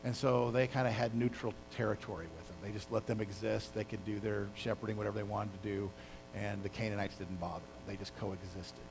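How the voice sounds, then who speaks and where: Man preaching in a lively storytelling sermon. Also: fairly low pitch, brisk, vocal fry, a little hiss or hum, low-quality recording. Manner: animated, casual storytelling with sound effects. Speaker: pastor.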